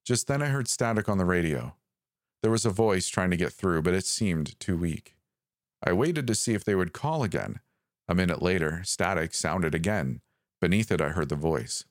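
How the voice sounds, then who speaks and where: A man narrating a first-person horror story in a calm, measured way. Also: low-pitched, no echo, clean studio sound.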